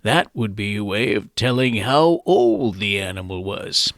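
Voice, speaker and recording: A man putting on an old man's voice, telling how things were done in the old days in a slow drawl. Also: lowish voice, expressive, fairly bright tone, no room sound, clean studio sound, voice pushed down. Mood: reminiscing.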